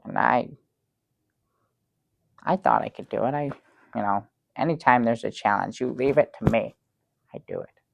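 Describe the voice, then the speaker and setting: A man playing a naive sidekick, rambling, earnest, gravelly, average pitch. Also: no room sound. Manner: rambling, halting with many ums, sincere. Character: naive dim-witted male sidekick Bert. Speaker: show regular. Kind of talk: improv sketch comedy.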